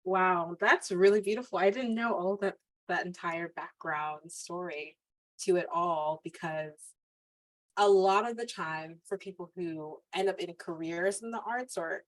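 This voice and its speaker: A woman hosting an interview, asking encouraging, warm questions. Her voice sits a little low. The sound is dry and close, with no room echo. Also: measured pace. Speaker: podcast host. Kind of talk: conversational interview.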